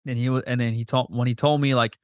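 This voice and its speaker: A man's voice: medium pitch, dry recording. A man hosting a podcast, chatting casually with a guest, swearing freely and acting out quotes as he tells stories. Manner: profane, animated, quick storytelling with voiced quotes. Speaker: podcast host. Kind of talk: casual chat.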